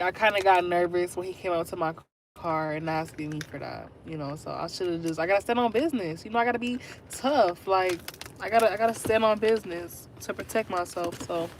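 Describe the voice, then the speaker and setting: A woman in her twenties chats casually on a livestream, talking straight to her viewers as she tells them a story. Her voice is fairly low, with a little hiss or hum in the recording.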